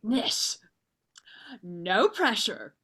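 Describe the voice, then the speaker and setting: A woman's voice: mid-range voice, wildly swooping pitch, drawn-out words, pushed and bright, breathy edge, exaggerated voice. A woman playing a playful matchmaking adventurer. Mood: coaxing. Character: eager matchmaking female adventurer.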